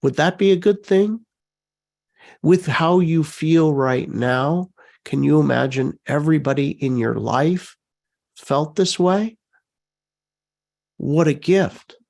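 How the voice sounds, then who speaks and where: A man guides a live online session in a slightly high, gravelly voice. He speaks very slowly, coaxing his listeners with gentle, repeated prompts. He reads their chat comments back to them warmly. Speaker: session facilitator.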